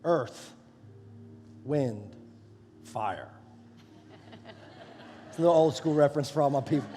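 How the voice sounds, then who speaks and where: A male pastor preaching a sermon, swinging between loud passionate preaching and soft near-whispers. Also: on the high side, animated, takes it slowly, pauses often, slight background noise. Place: church sanctuary. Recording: live hall with long reverb and music underneath.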